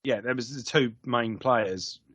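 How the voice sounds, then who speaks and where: A man's voice: medium pitch, a little slow, fairly bright tone, no room sound. A man co-hosting a podcast, chatting casually and agreeably with lots of hesitant "yeah"s. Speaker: podcast co-host. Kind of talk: casual chat. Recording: dull dry lo-fi mic.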